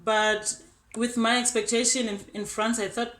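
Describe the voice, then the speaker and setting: A woman's voice: on the high side, steady tone, moderate pace, a bit bright, slight background noise. A young woman from South Africa with a South African accent, giving a chatty, upbeat student testimonial. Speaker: exchange student. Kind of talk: casual testimonial. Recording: roomy echo.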